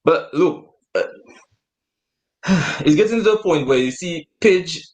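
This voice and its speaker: A man's voice: on the high side, expressive, slow. A man co-hosting a casual recap chat, laying out his view in a laid-back way. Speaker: co-host.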